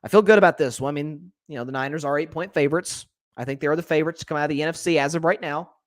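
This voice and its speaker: A sports podcast host runs a solo talk show, his voice on the high side and racing, captured in a dry, clean studio. He's opinionated and conversational, stammering and restarting sentences often as he makes his predictions.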